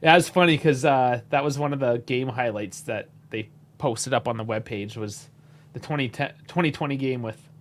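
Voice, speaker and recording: A man's voice: medium pitch, normal speed, a little hiss or hum. A man from Canada, hosting a casual live match reaction, chatty and laid-back with frequent chuckles and casual swearing. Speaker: host.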